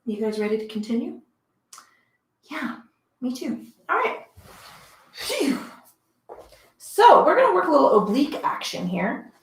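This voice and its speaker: A woman leading a mat pilates class at home, giving chatty, encouraging cues between breathy exertion sounds. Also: fairly high pitch. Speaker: pilates instructor. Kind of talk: guided workout instruction. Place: home room, dogs heard about. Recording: roomy echo.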